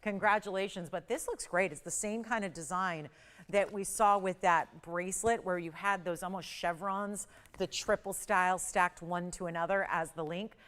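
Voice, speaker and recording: A middle-aged woman with a smooth, clear voice pitches products as a live shopping channel host. She talks in emphatic, enthusiastic sales patter and leans hard on certain words. She is in a studio on a lapel mic. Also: fairly even intonation, moderate pace, a bit bright.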